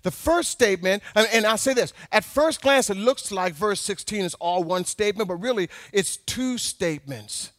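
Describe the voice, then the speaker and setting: A man's voice: high voice, expressive, moderate pace, few pauses, a bit bright, dry recording, clean studio sound. A male pastor preaching a sermon, telling personal stories with emphatic repetition.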